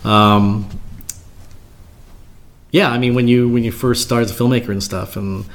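Gravelly-voiced man chatting casually. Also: medium pitch, moderate pace. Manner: animated storyteller, laughs, searches for words. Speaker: guest cinematographer. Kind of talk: casual conversation.

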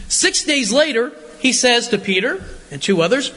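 High-voiced man preaching in a reverberant church. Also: normal speed. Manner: lively, joking, asks the congregation questions. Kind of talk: conversational sermon. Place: church sanctuary.

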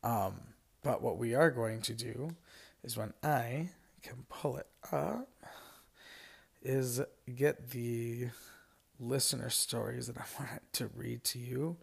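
A man's voice: medium pitch, slow pace, vocal fry, slightly rough. A man hosting a podcast, reading listener stories aloud in a casual, rambling way with lots of fillers and asides. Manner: rambling, frequent fillers and asides, laughs often. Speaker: podcast host.

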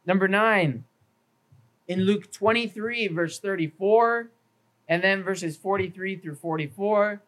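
A man's voice: high voice, a bit bright, poor audio. A man, a pastor, preaching an earnest sermon at a church evening service, working through numbered points and scripture references, sometimes stumbling and repeating a word. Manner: stumbles and repeats words now and then.

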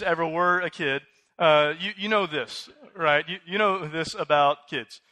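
A man in his thirties preaching a conversational sermon as pastor, animated, with many fillers and restarts. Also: on the high side, moderate pace, no echo.

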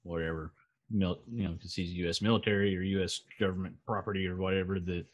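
A man's voice: sits low, level tone, fast, dull audio. An American man co-hosting a casual podcast, rambling with many fillers. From United States. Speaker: podcast co-host. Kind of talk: casual chat.

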